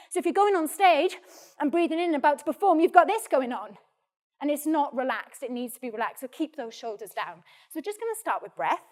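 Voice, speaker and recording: A woman with a Welsh accent, an actor leading a practical drama workshop and giving clear, encouraging instructions. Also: high voice.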